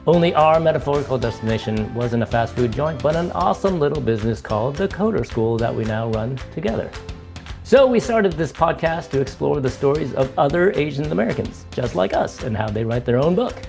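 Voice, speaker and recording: Man, podcast co-host, high animated voice, gravelly, music underneath. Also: brisk. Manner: lively, laughs often, teasing. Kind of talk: casual podcast chat.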